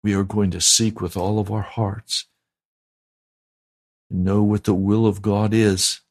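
A man's voice: fairly low pitch, little pitch movement, a little slow. A man preaching a sermon as pastor, fervent and emphatic, repeating his pleas. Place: broadcast sermon.

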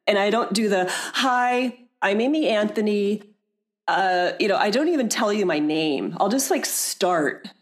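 A woman's voice: mid-range voice, animated, moderate pace, few pauses. A woman guest on a podcast who runs her own aromatherapy business. She chats casually, laughs a lot and often trails off mid-sentence. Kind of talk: casual interview chat.

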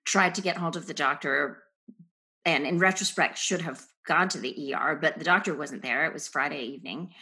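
Husky low-voiced woman telling her story. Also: moderate pace. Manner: reflective, earnest storytelling with soft trailing phrases. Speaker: podcast guest. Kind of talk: personal testimony in a podcast interview.

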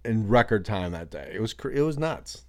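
A man with a fairly low voice and big pitch swings co-hosts a hiking channel video at a moderate pace. He's easygoing, chuckling as he chats casually and offers friendly backpacking tips.

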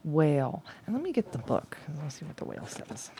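Low-voiced woman chatting through a card reading. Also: sing-song, brisk, gravelly, dark tone, a little hiss or hum. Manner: rambling, chatty, laughs often, many fillers. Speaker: tarot and oracle card reader. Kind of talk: casual card-reading chat.

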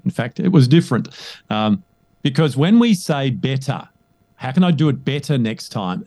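A man's voice: mid-range voice, no echo. Emphatic male coach in an interview. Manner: emphatic, animated, often asks "right?". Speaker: guest, leadership coach. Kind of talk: conversational interview.

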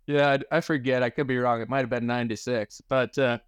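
A man's voice: medium pitch, steady tone, fast, clean tone, no echo. A man in his forties from Michigan, a podcast guest telling stories in a laid-back way, swearing casually and saying dude and bro. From Michigan, USA. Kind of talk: casual storytelling chat.

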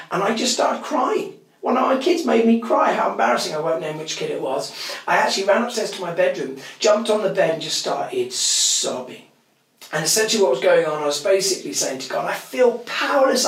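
A middle-aged man preaching a sermon, swinging between loud emphatic bursts and hushed whispers. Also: on the high side, gravelly, recorded from a distance. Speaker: pastor. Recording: echoey room, voice from off the mic.

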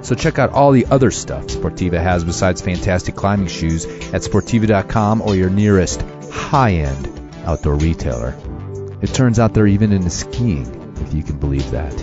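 A man's voice: deep voice, expressive, normal speed. A man reading a scripted ad with a wry, tongue-in-cheek manner. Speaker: podcast host reading an ad. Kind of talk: scripted ad read. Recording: dull lo-fi recording with guitar music.

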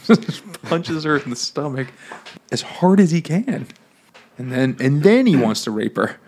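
A man's voice: fairly high pitch, sing-song, a little slow, a little mellow, breathy edge. A man co-hosting a podcast, riffing crudely on a book in casual banter and laughing as he talks. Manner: crude, joking, laughs often while talking. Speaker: podcast co-host.

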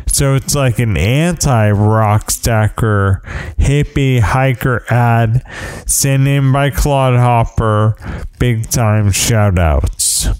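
Slow, mellow-voiced man rambling casually. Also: mid-range voice, clear, resonant tone, no echo. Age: parent of young kids. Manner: meandering storyteller with self-deprecating asides. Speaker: podcast host.

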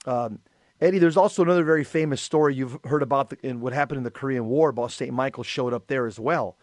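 A man co-hosting a talk show, telling stories in a lively way and acting out the voices of the people in them. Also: mid-range voice, quick pace, no echo, clean studio sound. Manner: animated storyteller, acts out quoted voices. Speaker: co-host. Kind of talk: casual radio talk, storytelling.

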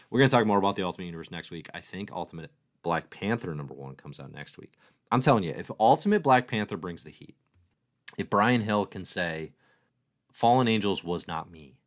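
A man with a deep voice hosts a weekly livestream, talking fast and casually as he answers viewers' comments. He's excitable and playful, with self-mocking jokes.

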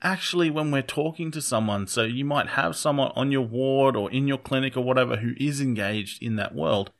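A man's voice: mid-range voice, a little fast. A man in casual chat, an occupational therapist who explains his points earnestly, restarting sentences as he goes.

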